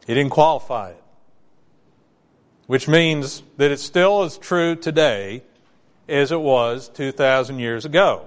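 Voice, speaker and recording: A man's voice: medium pitch, measured pace, big-room sound. A male pastor delivering a sermon in a conversational way, asking his congregation rhetorical questions.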